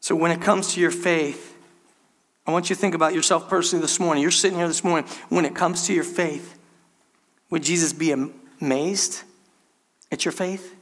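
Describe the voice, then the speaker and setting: A man's voice: a little high, steady tone, normal speed, long pauses. A man preaching a sermon, speaking emphatically and calling out to the congregation. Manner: emphatic, repeatedly addresses the congregation. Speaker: pastor.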